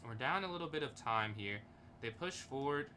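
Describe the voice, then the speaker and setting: A man's voice: medium pitch, expressive, moderate pace, sharp tone, a little hiss or hum. A man streaming a chess game, thinking aloud in casual, hesitant commentary and chuckling often.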